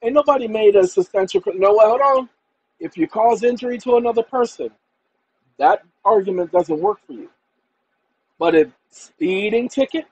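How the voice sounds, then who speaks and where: A man's voice: sits high, normal speed, husky, dull audio. A man hosting his own channel, talking to viewers in an emphatic, combative, colloquial monologue. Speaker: channel host.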